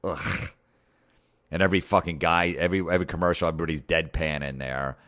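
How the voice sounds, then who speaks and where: A very low-pitched middle-aged man rants on his podcast, sarcastic and full of curses. He keeps slipping into mocking little impressions as he complains. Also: fairly even intonation, fast talker, a bit bright. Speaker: podcast host. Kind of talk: comedic rant.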